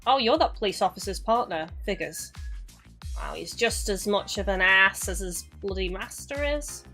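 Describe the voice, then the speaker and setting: A woman's voice: mid-range voice, expressive, normal speed, bright, forceful tone, soft background music. A woman voicing a cheeky little male mouse detective in a video game, reading his lines casually.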